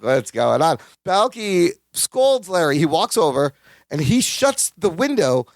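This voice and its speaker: A man with a notably high voice co-hosts a casual rewatch podcast. He recaps scenes with animated energy and bursts into the characters' lines. The sound is close and dry, with no room around it. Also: measured pace, gravelly, dry recording. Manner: animated, acts out characters' lines with jumps in pitch. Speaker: podcast co-host.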